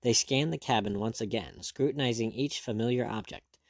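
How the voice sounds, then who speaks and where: A man narrating an adventure novel in a measured, expressive storytelling voice. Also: medium pitch, gravelly, no echo, studio quality. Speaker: audiobook narrator.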